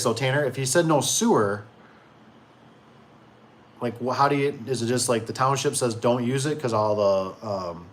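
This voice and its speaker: This is a casual, chatty young man who rambles through a story, circles back on his own words and jumps up in pitch when he acts out what people said. His voice sits at an ordinary middle pitch. A faint hiss of noise stays under the recording. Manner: rambling, self-interrupting, animated when quoting people. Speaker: garage door business owner and stream host. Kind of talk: casual storytelling and reading chat on a live stream.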